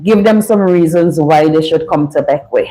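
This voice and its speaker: A woman's voice: low-pitched, moderate pace, dark tone, rough recording. A woman from St. Vincent with a Vincentian accent, chatting casually as host of a livestream. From St. Vincent and the Grenadines.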